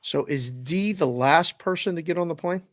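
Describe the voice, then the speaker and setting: A man's voice: fairly high pitch, moderate pace, no echo, clean studio sound. A man co-hosting a casual chat show, reacting with short quips and questions. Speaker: podcast co-host.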